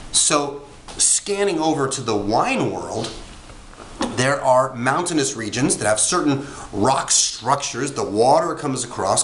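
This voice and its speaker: A man's voice: mid-range voice, fairly bright tone. A man casually reviewing a wine, chatty and rambling, with frequent ums and self-corrections. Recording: echoey room with faint background noise.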